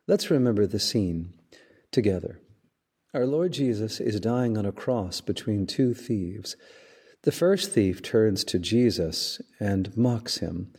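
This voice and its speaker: Slow husky priest. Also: male voice, on the low side, lively intonation, mellow. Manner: measured, dramatic storytelling. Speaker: priest and podcast host. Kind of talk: sermon-style reflection.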